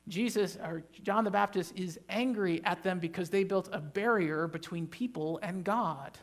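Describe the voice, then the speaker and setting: A man as pastor preaching a sermon in a church, emphatic, building to loud animated bursts and joking with the congregation. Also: sits high, normal speed.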